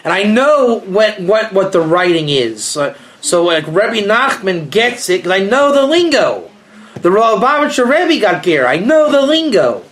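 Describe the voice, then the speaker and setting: In a high voice at a measured pace, a rabbi delivers a loose, joking lecture to a small audience, animated throughout and quizzing them with questions.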